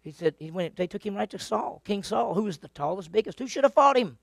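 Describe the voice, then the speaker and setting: A man with a drawl teaches a Bible class, retelling the old stories with lively energy and tossing questions to his listeners. His voice sits a touch high and carries a gravelly edge. The recording is dry and close. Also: fast, no echo. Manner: animated storyteller, asks the class questions, acts out voices.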